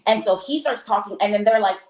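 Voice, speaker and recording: A woman's voice: medium pitch, fast talker. An American woman telling a travel story in casual talk, acting out the voices of the people in it, with many fillers. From United States. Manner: animated, acts out quoted dialogue, many fillers. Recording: roomy echo.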